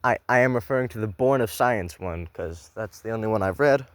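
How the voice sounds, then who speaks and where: A man's voice: lowish voice, brisk, no echo. A man reading a horror story aloud for the first time, breaking off into sarcastic, profane, rambling commentary. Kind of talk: blind reading with comedic commentary.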